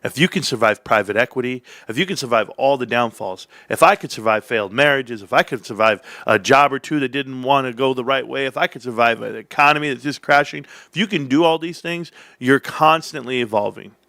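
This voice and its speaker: A man's voice: medium pitch, brisk, dry recording. Dry, close-miked man telling a rambling story. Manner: rambling, animated, with restarts and acted-out dialogue. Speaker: stock channel host. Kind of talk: casual storytelling monologue.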